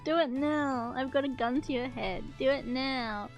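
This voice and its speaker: A woman's voice: high-pitched, unhurried, soft background music. A woman streamer chatting casually to her viewers, playful and teasing, often giggling. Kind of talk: casual live-stream chat.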